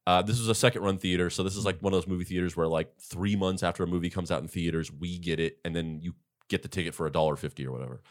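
A man's voice: deep voice, rapid-fire. A young man hosting a podcast, casually telling rambling work stories with lots of fillers and restarts. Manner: rambling, animated retelling with many fillers. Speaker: podcast host. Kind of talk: casual storytelling chat.

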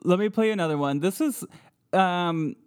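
A man hosting a casual podcast chat in a playful, joking manner, quick to laugh. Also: high voice, clean tone. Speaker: podcast host.

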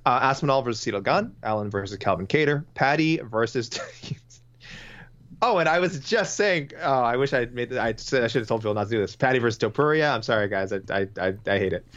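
A chatty man co-hosting a podcast, rambling through listener picks with a lively, swinging delivery. His voice sits at a middling pitch. The audio sounds a little dull and muffled. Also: brisk. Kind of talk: casual chat.

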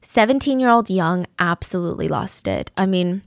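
A woman's voice: lowish voice, sing-song, moderate pace, creaky, no echo, clean studio sound. A woman narrating a true crime story in a casual, vivid, conversational way, sometimes dropping to a whisper.

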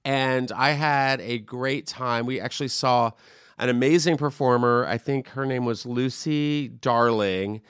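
A man hosting a podcast, telling a chatty, animated story in casual conversation. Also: mid-range voice, a little slow, clean tone, no echo, clean studio sound. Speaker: podcast host. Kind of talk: casual chat.

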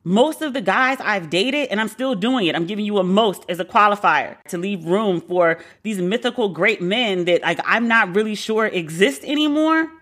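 A woman's voice: mid-range voice, lively intonation, normal speed, hardly any pauses, fairly bright tone. A woman with a New York accent telling a candid personal story, blunt and profane, acting out the quoted dialogue. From Brooklyn, New York.

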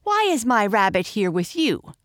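A woman's voice: huge pitch swings, fairly quick, creaky, no echo, clean studio sound, full character voice. A woman voicing a bossy, demanding young girl who snaps and shrieks at others. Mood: indignant. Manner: demanding, shrill.

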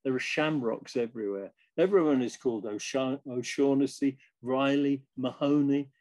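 An older man, a guest musician, telling a lively anecdote in a casual interview, now and then slipping into the voices of the people in his story. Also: mid-range voice, normal speed.

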